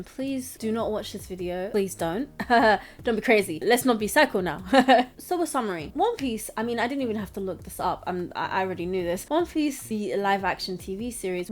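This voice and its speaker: A young woman talking casually and rambling, giggling between her points as she reviews a show. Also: mid-range voice. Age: young adult. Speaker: anime reviewer, channel host. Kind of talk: casual commentary vlog.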